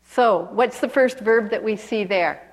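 A woman delivering a sermon at an unhurried pace. She talks in a conversational way and stops often to put questions to her listeners. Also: medium pitch. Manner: asks the audience questions, conversational. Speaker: preacher. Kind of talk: sermon, teaching.

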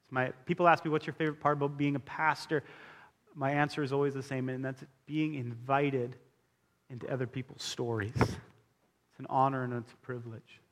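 A man's voice: medium pitch, flat delivery, normal speed, fairly bright tone, slight background noise. A man preaching a sermon as pastor, earnest and emphatic, repeating key phrases for weight. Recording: long hall reverb.

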